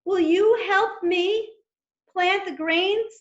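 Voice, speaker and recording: A woman's voice: very high-pitched, extremely slow, roomy sound, lo-fi sound, voice pushed up, full character voice. A woman voicing a busy little female red hen who asks for help in a pleading, singsong way.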